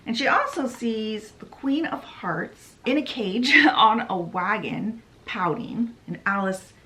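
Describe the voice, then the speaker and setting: A woman's voice: on the high side, slow, a little hiss or hum, poor audio. Chatty young woman recapping a book. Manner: chatty, animated retelling with quoted voices. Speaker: book vlogger. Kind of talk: casual story recap.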